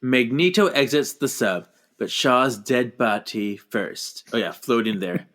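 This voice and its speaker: A man's voice: medium pitch, animated, unhurried, a bit bright. A man co-hosting a movie podcast, recapping a film in casual chat, playfully acting out characters' lines and laughing often. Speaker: podcast co-host.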